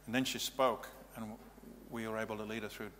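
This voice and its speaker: A man's voice: fairly low pitch, level tone, a little fast, sharp tone. A male pastor giving a practical, matter-of-fact teaching sermon in a church. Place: church hall. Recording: reverberant hall, faint hum.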